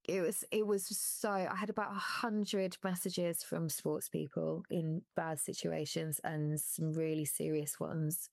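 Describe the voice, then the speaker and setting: A woman's voice: low voice, creaky, no room sound. A woman, a former athlete, talking candidly in an interview, laughing at times and close to tears. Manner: candid, laughing, voice catching with emotion. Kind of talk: emotional interview talk.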